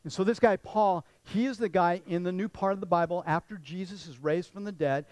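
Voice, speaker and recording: A man's voice: sits high, a little fast, a little mellow, no echo, rough recording. A man pastor giving a conversational sermon, often repeating words and restarting sentences.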